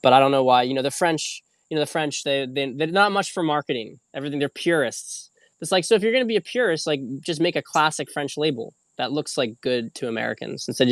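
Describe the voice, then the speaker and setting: A man's voice: mid-range voice, no echo. A man hosting a casual livestream, rambling loosely with frequent fillers and the odd swear word. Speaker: host.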